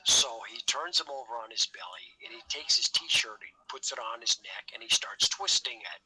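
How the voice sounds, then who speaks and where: A man recounting past events in a halting, repetitive way, often restarting sentences and sometimes dropping into a breathy near-whisper. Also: mid-range voice, expressive, pushed and bright, rough recording.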